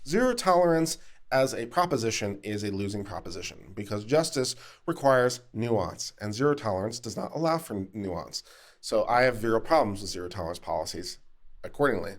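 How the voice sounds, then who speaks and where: A man hosting a legal commentary show, reading a news article aloud and adding dry, sarcastic remarks along the way. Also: lowish voice.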